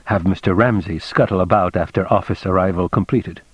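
A man narrating an audiobook in a measured, clipped reading. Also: low-pitched, slightly rough, no echo. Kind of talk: scripted narration. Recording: dull dry lo-fi recording.

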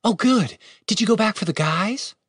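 A man's voice: high-pitched, expressive, normal speed, a bit bright, breathy edge, no echo, clean studio sound, pitched above the performer's own voice, exaggerated voice. A man voicing a brash, sarcastic, hard-drinking young woman with a blunt manner in an audiobook. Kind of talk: audiobook character voice.

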